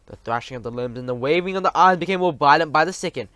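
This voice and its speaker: A man's voice: on the high side, fast, smooth, no echo. Man reading a children's story aloud. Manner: expressive, animated reading with slips. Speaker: audiobook reader. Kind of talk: storybook narration.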